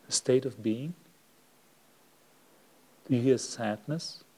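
Calm, slow-spoken monk giving a talk. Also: male voice, medium pitch. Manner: slow, reflective, with long pauses. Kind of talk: sermon. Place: monastery hall.

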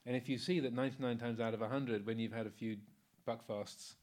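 In a casual Dharma talk peppered with anecdotes, fillers and laughter, a sixty-something Buddhist monk speaks quickly in a medium-pitched voice.

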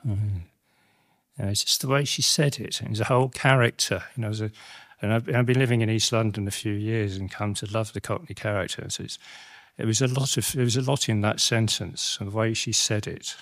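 A middle-aged man giving a Dhamma talk as a Buddhist monastic teacher, reflective and halting, with many restarts and tag questions. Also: fairly low pitch, fairly even intonation, a bit bright, no room sound, clean studio sound.

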